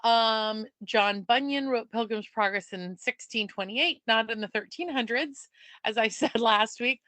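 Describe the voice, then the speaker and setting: A woman co-hosting a podcast in casual chat, playful and joking with quick asides. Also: fairly high pitch, fairly bright tone, no echo. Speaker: podcast co-host.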